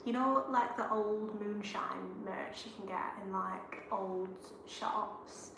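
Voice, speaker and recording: A woman's voice: mid-range voice, steady tone, slow pace. A woman from Blackburn, co-hosting a travel vlog and chatting casually with lots of "like" fillers. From Blackburn, England. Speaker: travel vlogger co-host. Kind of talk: casual live-chat Q&A. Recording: echoey room with clear background noise.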